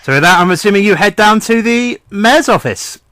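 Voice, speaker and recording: A man's voice: high voice, expressive, brisk, background noise. A man narrating a tabletop game as game master in a casual, wry way, over a voice call. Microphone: headset or desk mic on a voice call.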